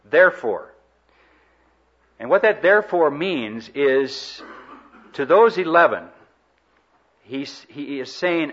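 A man preaching a sermon in an earnest, emphatic way, with dramatic pauses and swells. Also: mid-range voice, expressive, a bit bright, dull audio.

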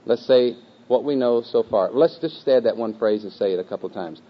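A man teaching a group to memorize a scripture verse, speaking patiently with fillers and repeating phrases slowly. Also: mid-range voice. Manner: patient, repetitive, slow chanting of phrases with a group. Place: room with a live group. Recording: dull lo-fi recording.

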